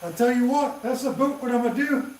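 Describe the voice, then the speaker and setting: Guy, high-pitched, relaxed shop talk to live chat, echoey workshop. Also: brisk, slight background noise. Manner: chats with viewers by name, reads comments aloud. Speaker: woodturner streaming live. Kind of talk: casual livestream chat while working. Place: workshop with a lathe. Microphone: camera set up beside the lathe. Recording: roomy workshop echo.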